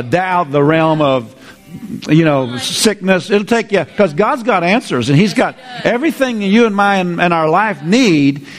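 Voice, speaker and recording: Man preaching a sermon, fairly high voice, lively and repetitive, calls out to the congregation. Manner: lively preaching with call-and-response, repeats phrases.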